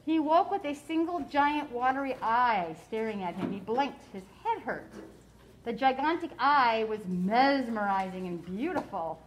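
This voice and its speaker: A woman teacher reading a novel aloud to her class in a classroom, in a steady, clear storytelling way. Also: a little high, unhurried, a little hiss or hum, rough recording.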